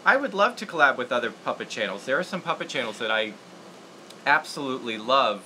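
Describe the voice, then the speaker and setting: A man's voice: mid-range voice, sing-song, a little fast, bright, forceful tone, a little hiss or hum, poor audio. A man hosting a casual livestream puppet-making tutorial, rambling and laughing at himself as he works. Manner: rambling, laughing, self-deprecating. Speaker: puppeteer host.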